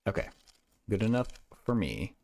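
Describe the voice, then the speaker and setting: A man's voice: fairly low pitch, sing-song, normal speed, a little mellow, no echo. Stammering young man thinking aloud. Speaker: livestream host. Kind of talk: casual livestream chat.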